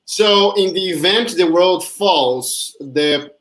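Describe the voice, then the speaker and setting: A woman's voice: fairly low pitch, takes it slowly, low-quality recording. A woman guest making teasing, playful remarks on a casual online panel.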